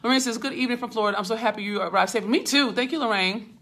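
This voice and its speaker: Woman host, casual livestream patter, bright and forceful tone, phone mic at arm's length. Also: fairly high pitch, racing. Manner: chatty, fussy, laughing, talks to viewers by name. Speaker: business mentor hosting a livestream. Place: hotel suite. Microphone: phone held at arm's length.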